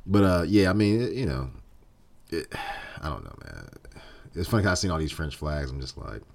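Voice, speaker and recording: A man co-hosting a casual podcast chat, animated and jokey, sometimes trailing off into mumbles. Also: extremely low pitch, a little fast, creaky. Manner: animated, drifts between loud and mumbled, jokey. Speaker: podcast co-host.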